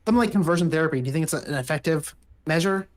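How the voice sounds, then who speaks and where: A man in an online debate who talks fast but hesitantly, stumbling over restarts as he builds his points. His voice sits in a middle range. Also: a little high. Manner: hesitant, full of restarts and fillers. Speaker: debate panelist.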